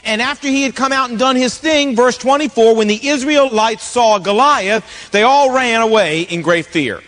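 A man, a pastor, giving an animated sermon with jokey storytelling. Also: extremely high pitch, normal speed. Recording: long reverb of a large hall.

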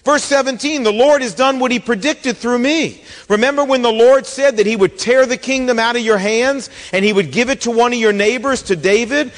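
A man delivers a sermon in a high, lifted voice, retelling scripture with lively storytelling and acted-out lines. His voice carries a long reverb, as if spoken in a large hall. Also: a little fast, few pauses. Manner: expressive Bible storytelling, acting out quotes. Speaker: pastor.

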